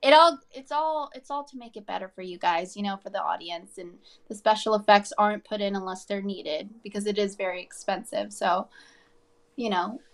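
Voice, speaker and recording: A woman's voice: medium pitch, moderate pace. Bubbly woman gushing in an interview. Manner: bubbly, gushing, many fillers. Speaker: actress guest. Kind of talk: casual interview chat.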